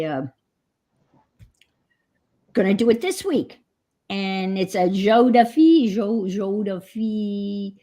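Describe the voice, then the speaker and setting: A woman hosting a crafting livestream, chatting casually in a rambling way. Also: on the low side. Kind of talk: casual chat. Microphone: computer mic on a livestream.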